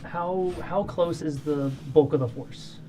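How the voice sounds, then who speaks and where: A man's voice: a little high, a little slow, noisy background. A man playing a tabletop game, speaking hesitantly with many fillers. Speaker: player. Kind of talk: casual tabletop play.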